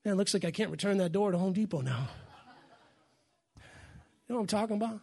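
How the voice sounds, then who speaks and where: High-voiced fiery preaching man. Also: expressive, a little fast, vocal fry. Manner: fiery, shouting, repeats phrases. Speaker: pastor. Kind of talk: sermon. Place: church.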